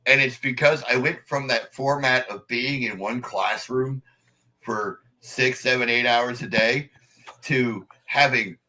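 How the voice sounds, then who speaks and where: A man chatting as a podcast guest, telling lively stories and acting out other people in sudden high voices. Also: a little slow, poor audio. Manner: animated storyteller, acts out quoted people in high voices. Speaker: podcast guest, wrestling announcer. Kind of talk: casual chat.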